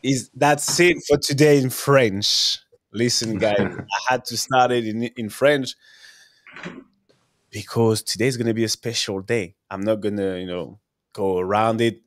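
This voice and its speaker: A man's voice: fairly low pitch, no echo. Playful man hosting a podcast, dry sound. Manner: playful, switches between French and English. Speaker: podcast host. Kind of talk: casual chat.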